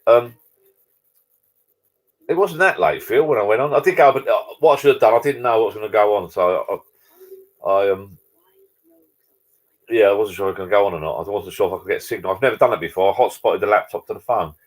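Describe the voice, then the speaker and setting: A man's voice: fairly low pitch, fairly quick, pauses often. A man hosting a casual live chat from his garden bar. He rambles and greets viewers by name. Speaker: live stream host. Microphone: laptop.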